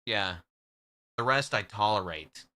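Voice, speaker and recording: A man's voice: lowish voice, animated, a little slow, sharp tone. A man streaming live, trading joking, profane banter with his chat in casual talk.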